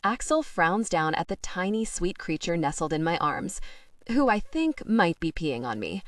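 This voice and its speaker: A woman reading a first-person audiobook with expressive, lively narration. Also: fairly low pitch, normal speed, no room sound, studio quality.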